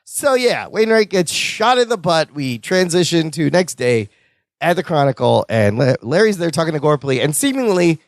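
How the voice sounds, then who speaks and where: A man's voice: fairly high pitch, big pitch swings, moderate pace, no echo, studio quality. A man co-hosting a podcast, recapping a sitcom episode in casual chat and acting out quoted lines in silly voices. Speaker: podcast co-host.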